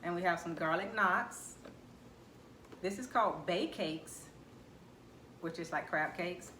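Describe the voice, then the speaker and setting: Bright, chatty woman vlogger. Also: fairly low pitch, slow pace, roomy sound, a little hiss or hum. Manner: chatty, teasing questions. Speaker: vlogger host. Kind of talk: casual chat during a mukbang.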